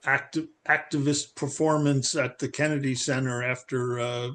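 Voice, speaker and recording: A man's voice: mid-range voice, fairly even intonation, normal speed, a bit bright. A man on a video call, telling a story in a plain, easygoing way. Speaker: participant. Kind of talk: casual video call chat.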